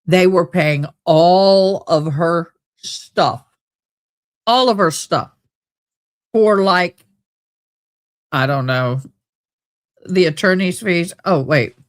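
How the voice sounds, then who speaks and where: A woman hosting a live stream, reading letters aloud and giving casual commentary in a loose, chatty way with drawn-out exclamations. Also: fairly low pitch.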